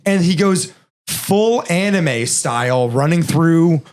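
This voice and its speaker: A man's voice: a little high, animated, takes it slowly, clean tone. A man with a Philadelphia accent, ranting animatedly and profanely in casual comedy podcast chat, laughing often. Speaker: comedian guest.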